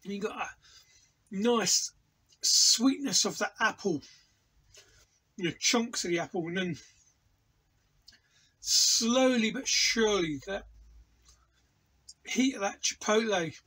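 High, slow, husky English man. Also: pushed and bright, low-quality recording. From England. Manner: enthusiastic, rambling, tasting aloud. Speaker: hot sauce reviewer. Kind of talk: casual product review vlog. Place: indoor home studio.

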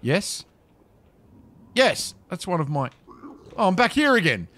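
A man's voice: high voice, sing-song, measured pace, very noisy. A man giving casual, flustered commentary while playing a video game, chatting to the creatures on screen.

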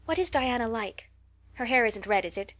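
A woman's voice: a little high, lively intonation, moderate pace, fairly bright tone. A woman reading an audiobook, voicing a talkative, dreamy eleven-year-old orphan girl who gushes in a breathless, romantic way. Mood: eager.

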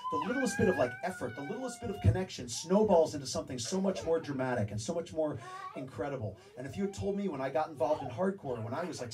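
A man telling an animated story to a live audience, swearing freely. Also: fairly high pitch. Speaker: speaker at a live event. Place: venue with audience. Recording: distant mic, audience laughing.

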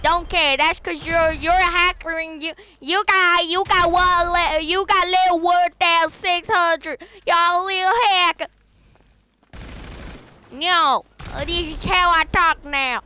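A gamer doing a squeaky bratty troll cop. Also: steady tone, takes it slowly, pushed and bright, slight background noise, exaggerated voice. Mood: taunting. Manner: taunting, mocking, repetitive insults. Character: squeaky bratty self-proclaimed old policeman. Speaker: online game troller. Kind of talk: trolling in game voice chat.

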